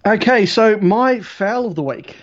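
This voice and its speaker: A man co-hosting a podcast, giving a measured, thoughtful opinion of an episode. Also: high-pitched, expressive. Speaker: podcast co-host. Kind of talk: casual review chat. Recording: dull lo-fi audio.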